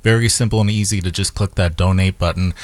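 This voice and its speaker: A man hosting a classical music radio morning show, making upbeat pitches for a fund drive in the studio. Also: fairly even intonation, fast, no echo. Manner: upbeat, promotional, repeats phone number. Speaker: radio host. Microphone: studio microphone.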